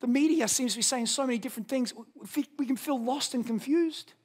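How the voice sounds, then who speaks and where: Australian male pastor, fairly high voice, passionate sermon delivery that drops to near-whispers for emphasis. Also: fairly quick, husky. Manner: passionate preaching, swinging from loud emphasis to hushed intensity.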